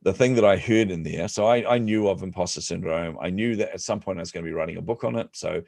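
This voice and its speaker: A man, a podcast guest, telling stories in an animated, self-deprecating way and acting out the voices of people he quotes. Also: low voice, quick pace, creaky, no echo, studio quality. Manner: self-deprecating humor, frequent laughs. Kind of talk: storytelling in an interview.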